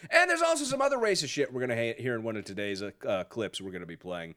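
A man's voice: mid-range voice, big pitch swings, fast, pushed and bright. A man hosting a podcast, giving sarcastic, profane political commentary in a mocking tone. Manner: sarcastic, swears a lot, mocking. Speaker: podcast host.

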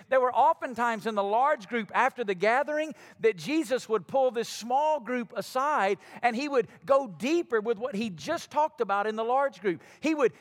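A man with a Southern Alabama accent preaches to his church in a very high voice, chatting with the congregation and calling on them to answer. His words ring out with the long reverb of a large hall. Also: a bit bright. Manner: conversational preaching, calls to the congregation. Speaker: pastor. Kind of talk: sermon.

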